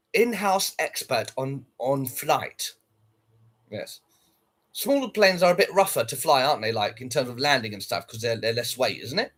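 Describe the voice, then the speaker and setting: A man with a husky, slightly high voice chats on a livestream, bluntly answering viewers and swearing freely. His pitch swings widely as he talks, giving him a lively, up-and-down delivery. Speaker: livestreamer reading chat. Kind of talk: casual livestream chat.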